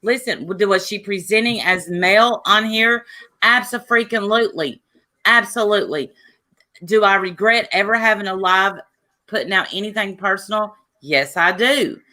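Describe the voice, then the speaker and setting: A woman with a bright, clear tone talks in a live stream chat. She presses her points insistently and defends herself. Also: mid-range voice, moderate pace.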